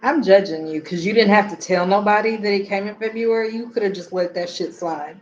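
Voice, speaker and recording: Blunt loud-reacting woman, dull lo-fi sound. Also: mid-range voice, a little fast, a little hiss or hum. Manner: blunt, reacts loudly, swears freely. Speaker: podcast co-host. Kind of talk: casual chat.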